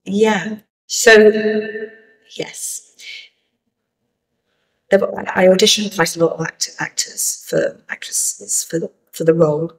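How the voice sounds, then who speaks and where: Husky-voiced woman director, halting and thoughtful. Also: mid-range voice, steady tone, low-quality recording. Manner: thoughtful, hesitant with restarts. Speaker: film director. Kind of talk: festival interview.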